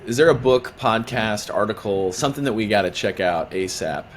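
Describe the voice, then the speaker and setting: Low-voiced playful male podcast host. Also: normal speed, slight background noise. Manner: playful, asks lighthearted questions. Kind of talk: casual podcast interview.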